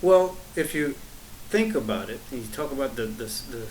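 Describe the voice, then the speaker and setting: Man, medium pitch, podcast co-host, casual, reflective, easy laughter. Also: expressive, moderate pace, a little hiss or hum, poor audio.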